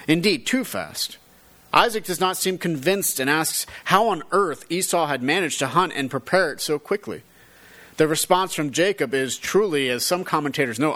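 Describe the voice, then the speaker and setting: A man's voice: fairly high pitch, a bit bright. A man reading a Bible passage aloud and then explaining it verse by verse as a teacher, giving the quoted dialogue rising and falling emphasis. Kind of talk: scripture reading and commentary.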